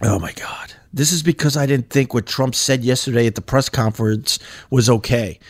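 A man's voice: mid-range voice, moderate pace, breathy edge. A middle-aged man hosting his own show, talking in a casual, rambling and profane monologue with emphatic swings. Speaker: podcast host, former shock jock radio host. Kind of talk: casual monologue reading social media posts.

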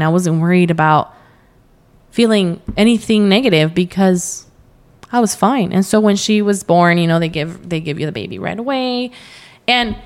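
A young woman talks casually as a podcast guest, telling her story with plenty of quoted asides and easy laughter. Her voice sits a little low for a woman. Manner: chatty storytelling, quotes herself, laughs often. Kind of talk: casual interview chat.

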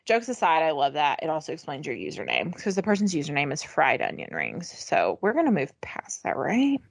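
Woman podcast co-host: casual, profane, laughs often, very animated delivery, dead-dry booth sound. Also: low-pitched, brisk, creaky, dry recording. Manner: profane, giggly, reads list items aloud with mock disgust. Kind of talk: casual comedic chat.

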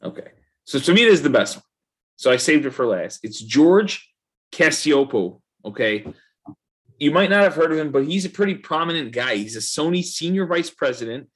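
A man's voice: fairly high pitch, expressive, moderate pace, a bit bright, slightly rough. A man co-hosting a podcast, chatting casually in a loose, profane, ranting way. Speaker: podcast co-host. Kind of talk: casual chat.

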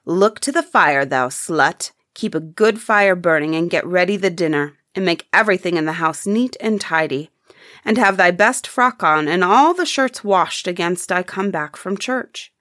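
Woman reading mean old stepmom bossing ppl around, lowish dry voice. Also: expressive, normal speed, fairly bright tone, no room sound. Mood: scolding. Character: harsh cruel old stepmother.

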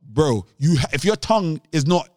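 A man, his voice a little higher than most, argues his point on a podcast. He talks in an animated way, repeating words and laughing. The sound is close and dry. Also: normal speed, dry recording. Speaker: podcast co-host. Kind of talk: casual podcast debate.

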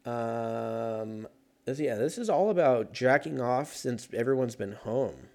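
A man's voice: medium pitch, lively intonation, takes it slowly, a little mellow. A man talking casually on his own, rambling and joking with plenty of swearing. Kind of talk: casual solo chat.

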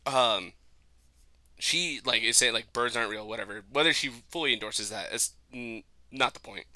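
Man, podcast co-host, casual chat, profane, rambling, very bright tone. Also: medium pitch, normal speed, dry recording. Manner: profane, rambling, laughs often.

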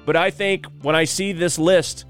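A man's voice: high-pitched, steady tone, moderate pace, a bit bright, soft background music. A man hosting a morning radio show, chatting wryly through news items with offhand asides. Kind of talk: solo talk radio monologue.

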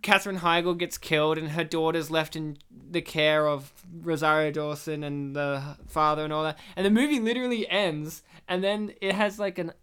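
A woman's voice: sits low, fairly even intonation, normal speed, few pauses, fairly bright tone, clear, resonant tone. A woman hosting a casual movie-review chat, laughing often and telling stories with animation. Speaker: podcast host reviewing a movie.

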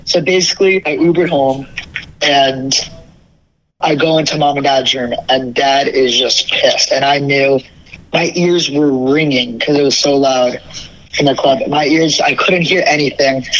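A young man telling a family story in a casual, animated way, acting out the quoted dialogue. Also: a little high, unhurried, rough recording.

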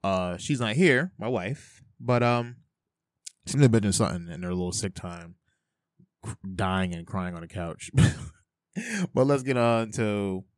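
A man's voice: fairly low pitch, a little slow, pauses often, no room sound, studio quality. A young man hosting a casual solo podcast, rambling and swearing as he talks to himself. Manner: rambling, profane, self-talking. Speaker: podcast host. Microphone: headphones with mic.

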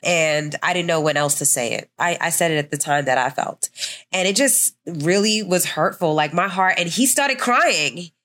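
A woman's voice: on the low side, moderate pace. Chatty woman podcast co-host. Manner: animated, retells scenes in quoted voices. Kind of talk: casual chat.

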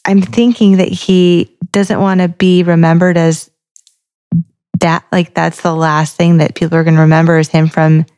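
A woman with a fairly low voice chatting casually on a podcast. She works through lyrics piece by piece and thinks out loud, with loose restarts along the way. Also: level tone, moderate pace, clean tone, soft background music. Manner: talks through song lyrics line by line, thinking aloud. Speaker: podcast co-host. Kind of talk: casual chat.

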